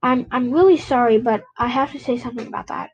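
A woman's voice: fairly high pitch, lightly acted, low-quality recording. Shy apologetic teen girl, stops and restarts a lot, woman reading it out. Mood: timid. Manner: hesitant, halting. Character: timid, apologetic teenage girl. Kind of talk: reading a novel aloud.

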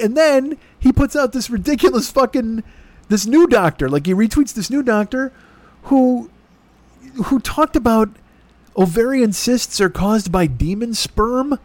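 A man's voice: very high voice, expressive, moderate pace, dry recording. A man hosting a comedy podcast, delivering an exasperated, profane, rambling rant. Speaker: podcast host. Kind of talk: ranting comedy podcast monologue.

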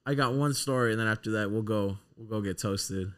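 A young man co-hosting a casual podcast, telling stories in an animated way, swearing and breaking into loud laughter. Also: lowish voice, fairly quick. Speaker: podcast co-host.

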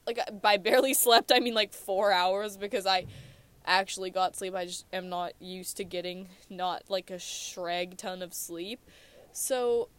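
Steady and measured, a teenage co-host on a casual podcast speaks in a mid-range voice that is a bit bright and clean, telling rambling stories with many fillers and restarts.

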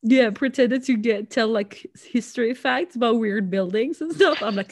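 A young woman with a slightly high voice chats casually on a podcast. She rambles through stories, restarting her sentences and laughing along the way. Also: moderate pace, few pauses, a little mellow, no room sound. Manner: rambling storyteller, laughs often, many restarts. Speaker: podcast co-host. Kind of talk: casual chat.

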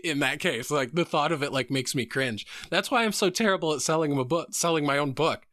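Midwestern American man, podcast host, bright and animated, laughs a lot, dry close mic. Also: fairly high pitch, a little fast, no room sound. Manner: self-deprecating, laughs often. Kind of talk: casual podcast chat.

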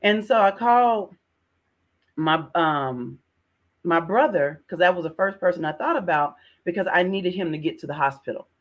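A woman's voice: lowish voice, moderate pace, lo-fi sound. A middle-aged woman guest telling an emotional personal testimony in an earnest way, repeating words and often calling the listener "sis". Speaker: podcast guest.

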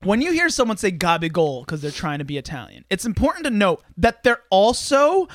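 Profane, animated podcast host man. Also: sits high, fairly quick, no room sound. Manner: profane, joking, rants. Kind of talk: casual chat.

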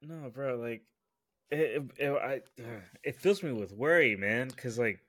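A man's voice: medium pitch, expressive, unhurried, fairly bright tone, no room sound. A man co-hosting a podcast, chatting in easygoing banter and laughing often. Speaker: podcast co-host. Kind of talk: casual podcast chat.

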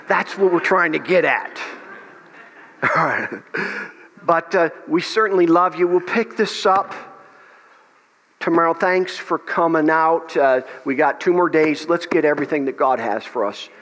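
A man's voice: a little high, unhurried, fairly bright tone. A man pastor leading a revival meeting, praying aloud and preaching with passion, often restarting his phrases. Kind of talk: revival meeting sermon and prayer. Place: church meeting hall. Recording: long hall reverb.

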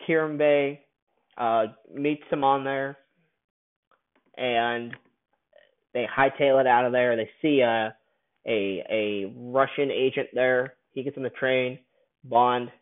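Brief: male film reviewer, mid pitch, casual rambling recap, phone-quality audio. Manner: rambling, many restarts and stammers. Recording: tinny phone-like sound.

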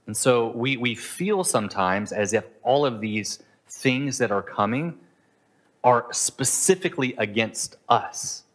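A man's voice: mid-range voice, animated, unhurried. A middle-aged man preaching a sermon in an earnest, conversational way, now and then acting out the inner voices of his listeners. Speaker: pastor. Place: Southeast Asia.

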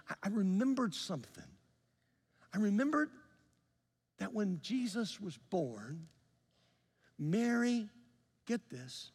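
A middle-aged man preaching a sermon as pastor, telling a story, acting out the dialogue and swinging from loud to soft. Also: high voice, big-room sound. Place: church sanctuary.

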